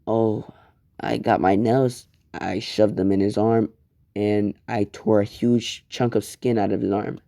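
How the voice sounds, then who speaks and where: A man puts on a volatile young male hero who swears when agitated. The voice is gravelly and low-toned, recorded dry and close. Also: steady tone, unhurried, dark tone, no echo. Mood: casual.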